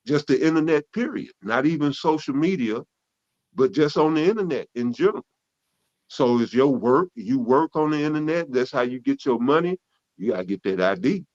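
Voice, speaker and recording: A man talks through scripture and current events in a loose, conversational way, stumbling and restarting and dropping curse words. His voice sits at a middle pitch. The recording is slightly muffled and lo-fi. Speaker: Bible teacher. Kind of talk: casual spoken Bible teaching.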